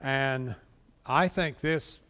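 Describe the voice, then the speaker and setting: Extremely slow, his mid-range voice comes out pushed and bright as he teaches a casual Bible class in a church classroom with long hall reverb. He keeps it conversational, questioning the class and acting out quotes.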